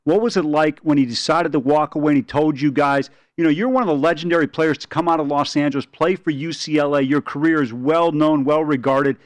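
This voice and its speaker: A man hosting a sports radio show fires off long, pointed questions at a guest. He talks quickly in a slightly raised voice. His mic sounds dry and close. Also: fairly high pitch, dry recording.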